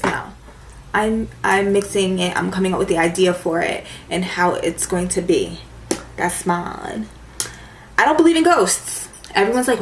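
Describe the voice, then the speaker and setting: A woman's voice: medium pitch, normal speed, slight background noise. A young woman chatting casually to camera as a beauty vlogger, with a valley-girl lilt and lots of "like". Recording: echoey room with faint ambience.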